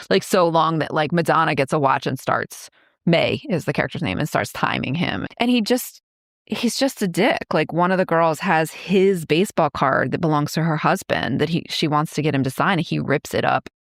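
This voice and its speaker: As a podcast co-host, a woman in her fifties recaps a film's plot in a loose, chatty way, full of "like" and laughing quickly as she retells scenes. Her slightly low voice is gravelly. The sound is dry and close, with no echo or room behind it.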